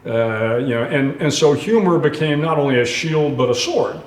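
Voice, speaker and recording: A man's voice: medium pitch, normal speed. Earnest older man telling a story in a roomy hall. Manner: earnest, anecdotal, with many restarts and fillers. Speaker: retired admiral and author, guest. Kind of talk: storytelling in a live onstage conversation. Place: live event stage.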